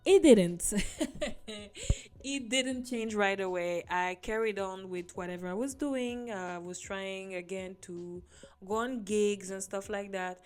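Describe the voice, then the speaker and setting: A woman's voice: medium pitch, measured pace, clear, resonant tone. A woman telling her personal faith testimony to viewers in an earnest, casual storytelling way. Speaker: vlogger sharing her testimony. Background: soft background music.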